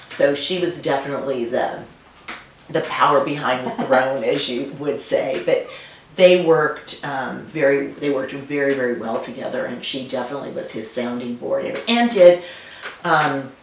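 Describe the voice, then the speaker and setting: A woman winemaker being interviewed, telling stories and remembering in a warm, conversational way. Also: extremely low pitch, moderate pace. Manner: warm storytelling, reminiscent. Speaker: winemaker guest. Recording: roomy, distant, faint noise.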